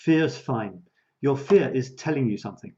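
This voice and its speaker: A man coaches creativity on a live stream in a chatty, self-mocking way, laughing often and circling back over his words. His voice is warm and mellow at a middle pitch. The audio is a little dull and lo-fi. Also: lively intonation, moderate pace.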